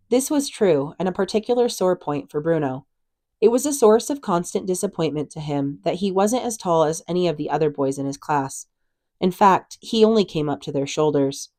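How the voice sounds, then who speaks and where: A woman reading a novel aloud in a calm, even storytelling manner. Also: fairly low pitch, dry recording. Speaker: reader.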